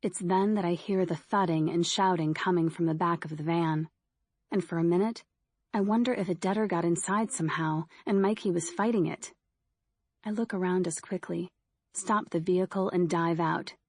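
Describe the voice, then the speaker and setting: An audiobook narrator with a low female voice reads first-person horror fiction at a steady, measured pace. The recording is dry and dead, captured on a close studio mic.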